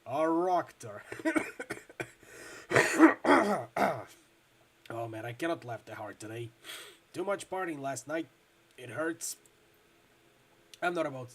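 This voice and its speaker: A man reading a video game aloud and voicing a loud, jokey, hungover rigger-doctor in his forties with a loose Midwestern accent. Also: mid-range voice, animated, normal speed, long pauses, close to an everyday voice. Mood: boisterous. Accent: loose Midwestern American. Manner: boisterous, loud, jokey, laughs a lot.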